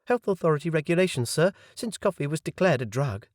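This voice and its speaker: A male audiobook narrator voicing a young female serving girl who is brisk and polite. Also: a little high, animated, no room sound, clean studio sound, voice pushed up, close to an everyday voice. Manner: briskly polite, quoting rules.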